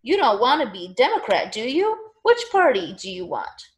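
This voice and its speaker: A woman reading as a loud, eager Northern organizer. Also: very high voice, wildly swooping pitch, normal speed, roomy sound, exaggerated voice. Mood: rallying. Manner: loud, rallying speechmaker. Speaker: party organizer.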